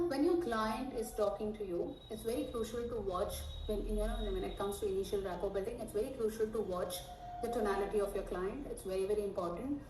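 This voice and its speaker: A woman teaching a live online sales training, high-energy and animated, checking in with her audience often. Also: slight background noise. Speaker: sales coach. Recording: echoey room, mic at a distance.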